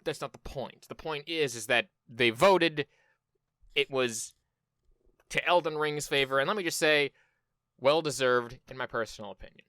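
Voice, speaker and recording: A man's voice: mid-range voice, normal speed, fairly bright tone, no echo. A man giving casual, profane reaction commentary on a video, with sarcastic asides.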